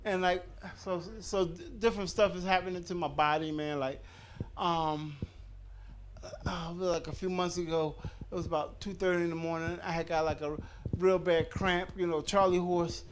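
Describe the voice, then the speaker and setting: A man's voice: high-pitched, steady tone, normal speed, slight background noise. A man in his fifties doing a stand-up comedy set on stage, rambling loosely and working the crowd. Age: 50s. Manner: loose rambling delivery with crowd work and acted-out quotes.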